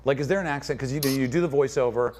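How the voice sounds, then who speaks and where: A male host of a live stream, firing off questions quickly and joking between them. His voice sits at an ordinary middle pitch and he keeps a bright, playful drive. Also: slight background noise. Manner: jokey, fast, upbeat questioning. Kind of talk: live stream interview hosting.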